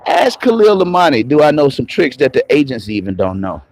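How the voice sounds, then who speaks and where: A man with a raspy voice, an online commentator delivering a confrontational, profane, mocking rant on a live stream. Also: medium pitch, wildly swooping pitch, fairly quick, darkish tone, no room sound, poor audio. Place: moving around on the go, patchy signal.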